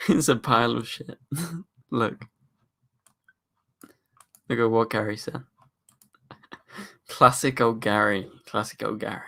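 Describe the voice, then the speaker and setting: A man's voice: medium pitch, fairly even intonation, takes it slowly, gravelly, long pauses, fairly bright tone. A young man hosting a casual livestream, reading chat questions aloud and rambling through his answers with plenty of fillers. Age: young adult. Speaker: livestream host.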